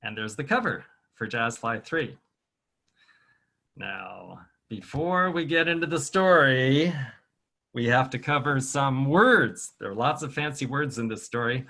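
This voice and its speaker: A man's voice: medium pitch, expressive, sharp tone. A man speaking unhurriedly to children over a video call, taking his time with every word. He is a children's author leading a storytime, and he breaks sounds apart patiently so the kids can copy him. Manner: patient, sounds words out slowly for kids to repeat. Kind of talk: teaching phrases and clapping rhythms to children.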